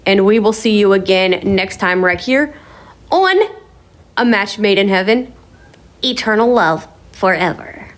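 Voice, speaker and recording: A woman hosting a casual sit-down vlog from her home kitchen, talking in a bubbly, enthusiastic, chatty way. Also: medium pitch. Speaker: vlog host.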